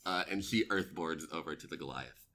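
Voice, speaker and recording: A man's voice: very deep voice, brisk, sharp tone. A man narrating as game master of a tabletop role-playing game, rambling with many fillers.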